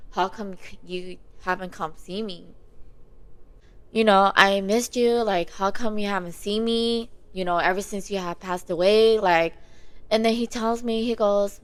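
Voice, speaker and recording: A woman's voice: fairly low pitch, clean tone, rough recording. A young woman telling a personal dream story in casual chat, rambling with many fillers. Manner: rambling, lots of "like" and "you know". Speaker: guest.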